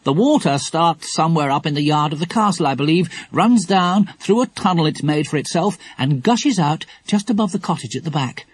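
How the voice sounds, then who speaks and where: A brisk, sensible mother voiced by a man, reassuring her children in a storybook. The voice is lightly raised and lively, with a husky grain and a dry, close sound. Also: a little high, pitched above the performer's own voice. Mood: calm.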